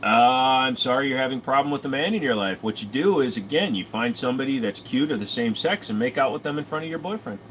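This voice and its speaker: A man's voice: mid-range voice, lively intonation, quick pace, few pauses, fairly bright tone, slight background noise, rough recording. Sleepy man riffing crudely with chat. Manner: crude joking, riffing impressions. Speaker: streamer answering chat. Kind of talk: casual late-night chat.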